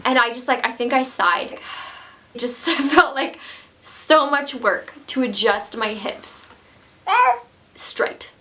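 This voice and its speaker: Bright-voiced chatty young woman. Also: a little high, slow, long pauses. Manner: chatty, many fillers like "like". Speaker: vlogger. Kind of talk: casual personal storytelling. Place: home room.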